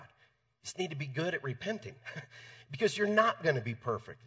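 A man's voice: medium pitch, fairly bright tone, far from the mic. A man preaching a sermon in a church, conversational, stumbling over repeated words. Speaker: pastor. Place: church sanctuary.

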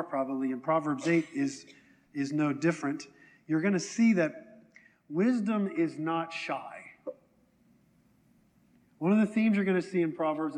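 A man's voice: on the high side, long reverb tail. A man preaching a sermon to a congregation in a conversational way, often asking them questions. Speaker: pastor. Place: church hall.

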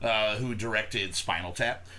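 A man's voice: on the low side, measured pace, crowd noise. A man hosting a casual podcast, reviewing a beer and chatting loosely with friends, joking and swearing freely. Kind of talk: casual chat.

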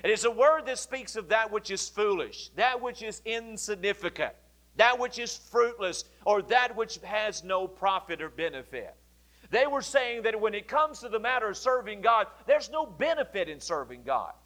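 A male pastor preaching a sermon, explaining scripture in a deliberate way and repeating key phrases. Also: high-pitched, lively intonation, bright, forceful tone.

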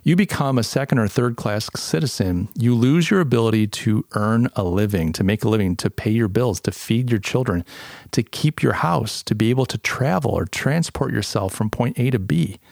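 A man's voice: medium pitch, expressive, normal speed, gravelly, darkish tone, no echo. Emphatic male podcast host, dry close sound. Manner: emphatic, with strings of rhetorical questions. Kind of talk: opinion monologue.

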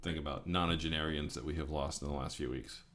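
Male co-host, forties, deep voice, brisk wry chatter. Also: steady tone, fairly bright tone. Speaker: podcast co-host. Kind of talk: casual comedic chat.

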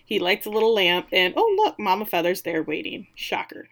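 A woman's voice: medium pitch, big pitch swings, brisk, fairly bright tone. A woman casually recapping a TV episode on a podcast, sarcastic and playful while quoting the characters. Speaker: podcast co-host recapping a TV show. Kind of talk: casual chat.

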